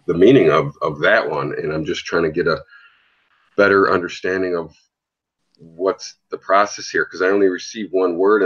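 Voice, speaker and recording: Hesitant deep-voiced man on a muffled call. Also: fairly bright tone, breathy edge. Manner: curious, hesitant, many fillers. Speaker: caller. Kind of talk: casual group video chat. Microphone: video call. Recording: dull lo-fi call audio.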